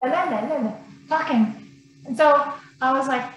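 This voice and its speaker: A woman guest on a podcast telling a rambling story in a casual, animated way. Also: high-pitched, takes it slowly, faint music behind. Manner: animated, rambling, laughs between lines. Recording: very echoey room, faint noise.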